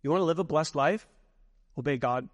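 Male pastor, sermon, emphatic, repeats phrases, slightly high voice, long hall reverb. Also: fairly quick.

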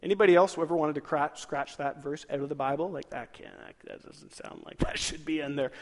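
High-voiced man preaching in a reverberant hall. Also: fairly quick, few pauses. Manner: lively, asks the congregation questions, chuckles. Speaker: pastor. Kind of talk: sermon.

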